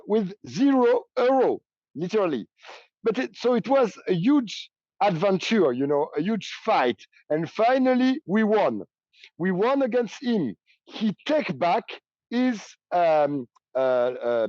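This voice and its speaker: A man from France with a French accent, a union train operator speaking haltingly in English as a remote interview guest. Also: high voice, darkish tone, dry recording, lo-fi sound. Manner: halting, many fillers, laughs often. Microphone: call-in line.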